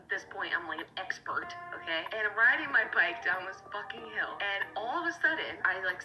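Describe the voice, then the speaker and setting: A young woman telling funny stories to the camera in a casual, expressive way, full of profanity and "like", as a YouTuber. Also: medium pitch, rough recording. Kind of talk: comedic storytelling vlog.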